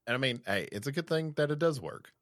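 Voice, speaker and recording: A man's voice: mid-range voice, animated, fast, a bit bright, no room sound, studio quality. A man co-hosting a podcast, chatting casually in a laid-back, agreeable way. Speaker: podcast co-host. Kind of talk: casual chat.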